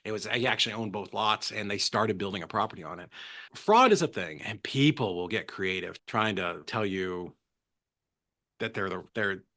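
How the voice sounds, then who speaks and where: A man talking as a podcast guest, telling animated stories and acting out quotes with big jumps in pitch. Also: normal speed. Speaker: guest, real estate transaction coordinator. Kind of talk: casual podcast storytelling.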